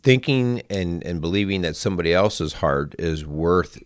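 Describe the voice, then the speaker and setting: Deep-voiced man in halting faith talk. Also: animated, no echo, studio quality. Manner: halting, restarts often, calls partner "hun". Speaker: podcast co-host. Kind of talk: casual faith-based conversation.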